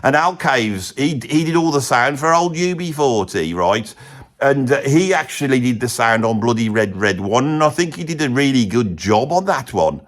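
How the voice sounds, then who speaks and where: A man playing a rambling, opinionated middle-aged bloke with a Birmingham accent, who swears mildly all the time and drops into hushed asides. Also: medium pitch, animated, normal speed, close to an everyday voice. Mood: rambling gossip. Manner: rambling, says "bloody" constantly, drops into hushed conspiratorial asides. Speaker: comic presenter. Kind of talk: comedic character monologue.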